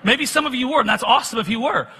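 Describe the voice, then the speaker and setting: A man's voice: very high-pitched, expressive, rapid-fire, pushed and bright, a little hiss or hum. A middle-aged man preaching a sermon, telling personal stories in a conversational way with self-deprecating humor.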